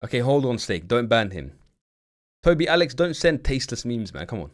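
A man's voice: medium pitch, very animated, brisk. A young man streaming live, blunt and slangy, swearing freely as he chats with viewers. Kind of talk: casual live-stream commentary.

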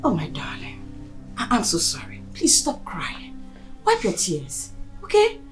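A caring young woman speaks slowly in a high, lively voice. A film score plays clearly behind her Nigerian-accented lines. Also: over music. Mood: soothing. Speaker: actress. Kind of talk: Nollywood film acting.

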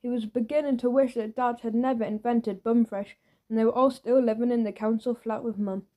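A woman narrating a children's audiobook in a lively, playful way. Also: fairly high pitch, a little fast.

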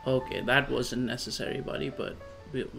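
A man doing casual let's play commentary, coaxing his character along with repeated calm-down phrases. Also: medium pitch, moderate pace, vocal fry, faint music behind. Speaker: gamer.

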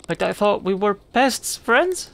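A game commentator voicing a stiff, formal circus ringmaster who talks slowly in a flat, robot-like way. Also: mid-range voice, vocal fry, pitched above the performer's own voice, heavily acted. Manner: slow, flat, robot-like delivery.

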